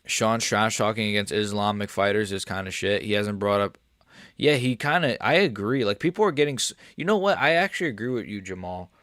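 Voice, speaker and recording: A man's voice: fairly low pitch, animated, brisk, a bit bright, no echo. A man hosting a casual MMA livestream, answering viewers in a profane, rambling way. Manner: profane, rambling, talks straight to chat.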